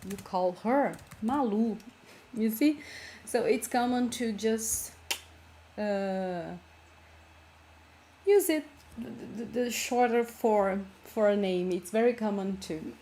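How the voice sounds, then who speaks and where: The speaker is a language teacher, a woman with a slightly high, somewhat mellow voice and a Brazilian Portuguese accent, Portuguese being her native language. She explains words patiently, one step at a time, during an online lesson.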